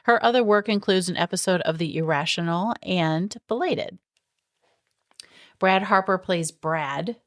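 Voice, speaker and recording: A woman's voice: on the low side, measured pace. Giggly chatty woman podcast co-host. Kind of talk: casual chat, reading cast credits.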